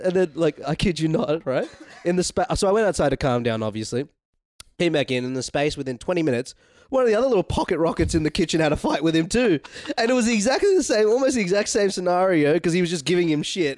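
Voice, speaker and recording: A man's voice: fairly high pitch, lively intonation, fast, a little mellow, no echo, clean studio sound. A man telling a story in casual podcast chat, laughing often and swearing freely. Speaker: podcast guest, former chef.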